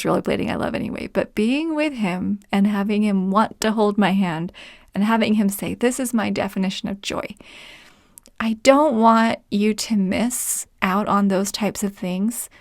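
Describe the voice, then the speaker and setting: A woman's voice: medium pitch, dry recording. Woman, forties, podcast host, chatty storyteller, laughs a lot, dry close sound. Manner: chatty, laughs often while telling stories. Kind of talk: personal storytelling monologue.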